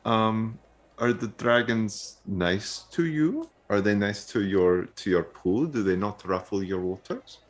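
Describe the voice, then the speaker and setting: A man's voice: fairly low pitch, animated, slow. A man playing his character in a tabletop game, asking bewildered questions. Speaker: player.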